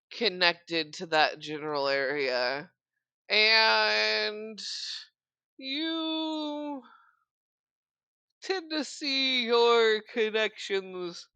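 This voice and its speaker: A woman running a tabletop game as dungeon master, narrating slowly with many pauses and fillers. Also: mid-range voice, sharp tone, smooth, no room sound, highs cut off.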